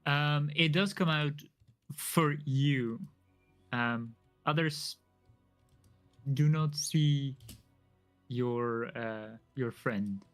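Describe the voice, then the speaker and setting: A man narrating as the game master of a tabletop game, describing the scene slowly and with frequent pauses. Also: mid-range voice, faint music behind.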